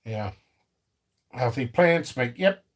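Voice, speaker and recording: A man hosting a casual live stream about his seed business, rambling and animated, with frequent restarts and asides. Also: medium pitch, takes it slowly.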